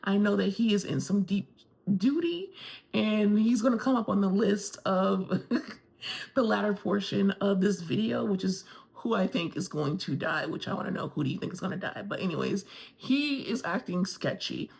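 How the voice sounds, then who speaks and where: A woman's voice: mid-range voice, lively intonation, normal speed, gravelly, darkish tone. A woman from Florida giving a candid, gossipy recap of a TV episode and swearing casually along the way. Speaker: TV review vlogger.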